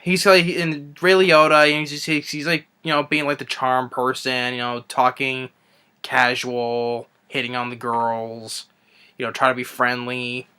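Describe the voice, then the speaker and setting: Rambling young man ranting, bright voice. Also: medium pitch, level tone, unhurried, clean tone. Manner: rambling, many restarts and fillers. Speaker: movie reviewer. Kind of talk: unscripted rant review.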